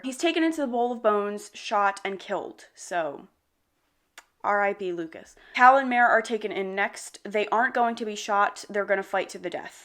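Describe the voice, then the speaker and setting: A young woman with an animated, slangy manner gives a casual book recap full of dramatic asides. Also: mid-range voice.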